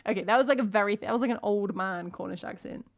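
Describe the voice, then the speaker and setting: A woman's voice: mid-range voice, quick pace. An English woman in her thirties, chatting casually to viewers on a music livestream in a self-mocking, rambling way, dropping her T's. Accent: English, drops T's. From England. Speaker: streamer and singer-songwriter.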